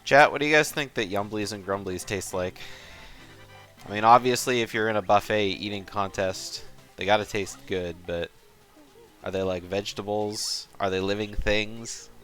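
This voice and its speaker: A man casually commentating a speedrun race, relaxed and rambling as he talks to the chat. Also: lowish voice, moderate pace, soft background music.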